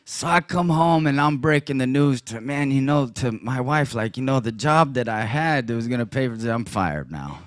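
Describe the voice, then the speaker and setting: Animated man telling a church testimony. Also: medium pitch, no room sound, clean studio sound. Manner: animated storytelling, laughing, bursts of loud exclamation. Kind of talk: personal testimony in a sermon. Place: church gathering.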